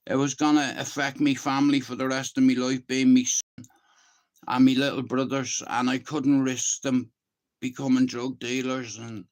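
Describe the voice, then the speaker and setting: With a mid-range voice, this roughly fifty-year-old Irish channel host delivers a relaxed but forceful monologue. He curses liberally and repeatedly asks whether you understand him.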